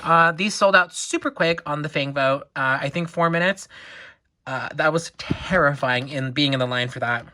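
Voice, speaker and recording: A young woman collector chatting casually through a doll unboxing, excitable and chatty with lots of "like" asides. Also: deep voice.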